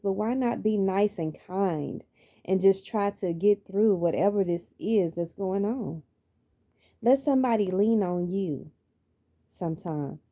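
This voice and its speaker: A woman's voice: medium pitch, mellow. A middle-aged woman, telling her life story in an earnest, preacherly way and repeating phrases for emphasis. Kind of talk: personal motivational monologue.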